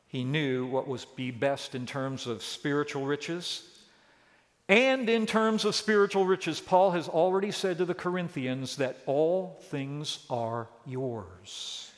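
A man preaching an expository sermon, switching between quiet stress and rising, emphatic exclamations. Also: medium pitch. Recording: long reverb of a large hall.

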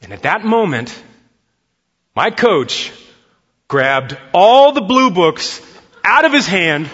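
A male pastor preaching a Sunday sermon, telling a story and acting out its dialogue. His voice is bright and forceful and sits a bit high. The sound is dull and lo-fi, with a long church-hall echo. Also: very animated, slow. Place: church sanctuary.

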